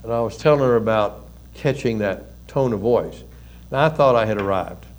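An older man, a pastor and counselor, giving a conversational sermon with folksy stories and soft chuckles. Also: fairly low pitch, lively intonation, moderate pace.

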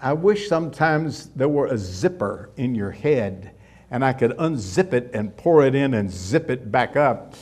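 With a mid-range voice, lively intonation and a slightly slow pace, a middle-aged pastor preaches in a conversational manner. He leans on rhetorical questions and occasionally sinks into sudden softness.

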